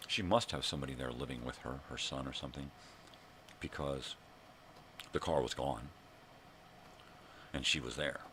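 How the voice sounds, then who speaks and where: An older man hosting his own daily vlog, ranting angrily and swearing, with bursts of shouting. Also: very deep voice, moderate pace, long pauses, a little hiss or hum. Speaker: vlog host. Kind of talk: angry profane rant.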